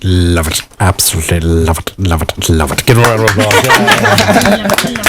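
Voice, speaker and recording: A man's voice: deep voice, sing-song, a little slow, fairly bright tone, soft background music. A man with an Irish accent hosting a live radio interview, chatty and joking with lots of fillers. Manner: chatty, jokey, many fillers. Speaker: radio host.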